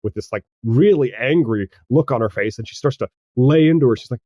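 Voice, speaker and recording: A man narrating as game master of a tabletop game, halting and chuckling as he goes. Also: mid-range voice, dark tone, dry recording, highs cut off. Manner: halting, full of restarts and chuckles.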